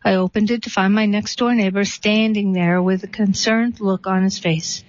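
A woman's voice: medium pitch, fairly even intonation, normal speed, no echo. Woman reading a story aloud, dry lo-fi. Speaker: reader. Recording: dull, slightly lo-fi dry recording.

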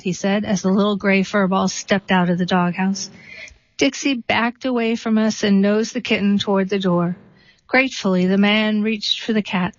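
A woman reading a short story and then a poem aloud, steady and unhurried. The recording is dry and a little dull, as if made close up on a modest microphone. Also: mid-range voice, no echo. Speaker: reader.

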